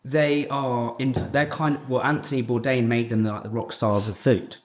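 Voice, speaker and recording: A man's voice: medium pitch, flat delivery, moderate pace, a little hiss or hum. A man hosting a podcast in casual chat, rambling, swearing, and saying "yeah" a lot. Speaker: podcast host.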